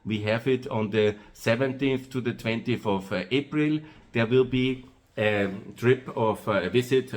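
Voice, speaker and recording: A man with an Austrian-accented English voice that sits a little low. He talks in an unscripted, rambling way, pausing on "uh" and circling back to repeat himself. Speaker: host of his own video channel. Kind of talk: monologue to camera.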